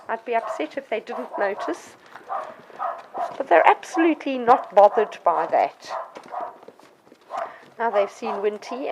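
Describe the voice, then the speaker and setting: A woman talking casually in a vlog about her puppies, outdoors in a garden with dogs around. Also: background noise. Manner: chatty, warm toward the puppies, with sudden squeaky baby-talk to dogs. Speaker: dog breeder. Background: dogs barking now and then.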